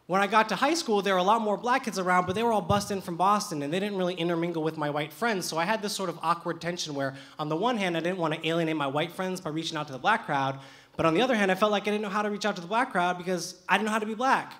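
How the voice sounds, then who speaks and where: A young man with a strikingly high voice rattles off a true story from his own life, rapid-fire, on a theater stage with an audience watching. His telling is animated and lively, and his comic timing is sharp.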